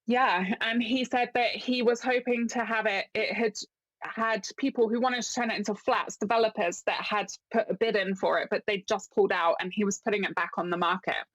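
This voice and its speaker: Animated storytelling woman from London. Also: mid-range voice, brisk, no echo. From London, England. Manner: animated storyteller, laughs often, acts out dialogue. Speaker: podcast guest, business owner. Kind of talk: casual interview storytelling.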